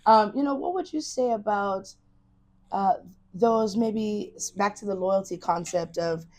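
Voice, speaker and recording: A woman hosting an interview, asking eager questions with many restarts and quick affirmations. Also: mid-range voice, darkish tone. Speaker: host. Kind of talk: interview conversation.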